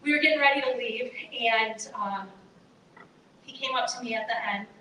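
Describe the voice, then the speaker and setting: Bright-voiced woman in an echoey hall. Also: fairly high pitch, moderate pace. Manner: earnest, conversational storytelling, addresses listeners directly. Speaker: chapel speaker. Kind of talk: testimony talk to students. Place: chapel hall. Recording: echoey hall, voice from far off, faint noise.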